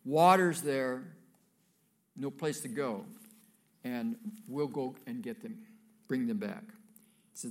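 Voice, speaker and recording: A man's voice: medium pitch, slow, long pauses. A male pastor preaching a sermon, reading scripture aloud and breaking off for casual asides to the congregation.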